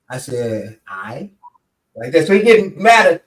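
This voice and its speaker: A man, telling a story in casual talk and acting out quotes with big pitch jumps. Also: animated, moderate pace, recorded from a distance. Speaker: show instructor telling a story. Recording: echoey room, voice off-mic.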